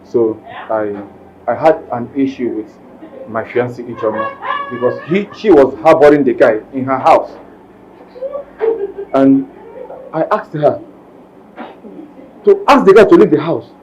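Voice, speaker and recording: A man's voice: mid-range voice, expressive, measured pace, pauses often, dull audio, noisy background, natural voice. An actor playing a remorseful young man with a Nigerian accent, begging for help to reconcile, in a film drama. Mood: pleading. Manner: pleading, apologetic.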